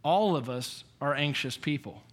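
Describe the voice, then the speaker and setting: A man preaching a conversational sermon, telling personal stories in an animated way and chuckling as he goes. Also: a little high, normal speed. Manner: storytelling, animated, chuckling often. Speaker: pastor.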